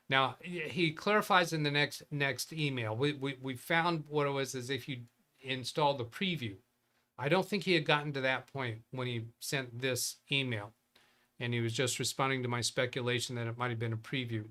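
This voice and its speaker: Reading through viewer emails on his live computer-help show about Windows, the host rambles and muses aloud in casual conversation. His voice sits at a medium pitch, sounds pushed and bright, and moves a little slowly.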